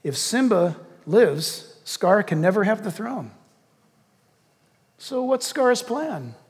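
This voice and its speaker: A male pastor preaching a sermon and leading a closing prayer, animated, hushing his voice to act out a villain's lines. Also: high-pitched, slow pace, big-room sound.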